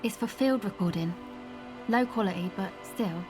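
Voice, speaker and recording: A woman's voice: medium pitch, moderate pace, natural voice. An actress playing a young woman field recordist in a game, talking in a blunt, casual, slightly awkward way. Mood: matter-of-fact. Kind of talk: game dialogue. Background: game music.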